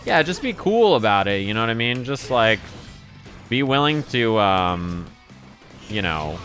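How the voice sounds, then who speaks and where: A man's voice: mid-range voice, very animated, unhurried, fairly bright tone, soft background music. A man rambling and swearing casually to his chat while playing a fighting game live. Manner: profane, rambling, exasperated. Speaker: streamer.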